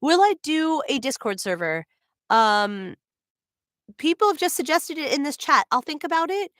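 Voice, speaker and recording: A woman's voice: high-pitched, very animated, moderate pace, fairly bright tone, no room sound, studio quality. A woman voice actor chatting casually on a livestream, laughing often and filling her talk with "like". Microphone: own microphone.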